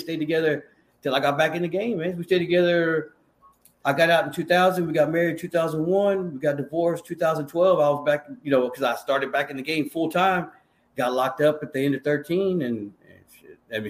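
A man in his forties with a Texan accent and a fairly high voice, telling his story as a podcast guest. He is an animated storyteller who acts out what others said. His talk is full of street slang. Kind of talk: casual storytelling interview.

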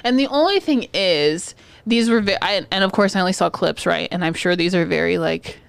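A woman's voice: lowish voice, fairly quick, gravelly, clear, resonant tone, no echo. A woman co-hosting a podcast in casual chat, telling stories and mimicking people in drawled quotes, with some swearing. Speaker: podcast co-host.

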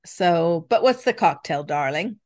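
A middle-aged woman, co-hosting a casual podcast chat with her daughter, affectionate and quick to laugh. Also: on the low side, expressive. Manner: affectionate, chatty, laughs often. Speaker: podcast co-host.

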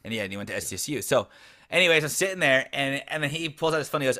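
A man co-hosts a casual sports podcast, blunt and profane, telling stories with lots of animation. His mid-range voice is animated and sharp in tone, and his delivery is rapid-fire.

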